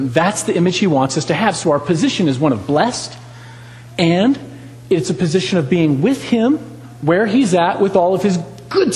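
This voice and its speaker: A man preaches with a high voice that climbs and drops in lively swings. He asks the congregation questions and drives his points home by repeating them. The sound carries a long reverb from a large church hall. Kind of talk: sermon.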